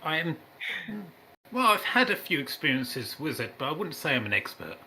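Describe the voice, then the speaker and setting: A man's voice: on the high side, big pitch swings, moderate pace, pushed and bright, slight background noise. A man playing a tabletop game, describing his character's actions in a playful, dramatic way. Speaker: player. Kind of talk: tabletop game play and narration.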